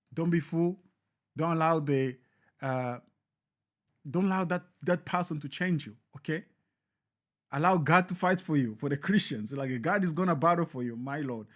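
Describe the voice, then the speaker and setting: A man hosts a live show and talks in an emphatic, repetitive cadence like a preacher. His voice sits a little high. He drives his points home by saying them again and again.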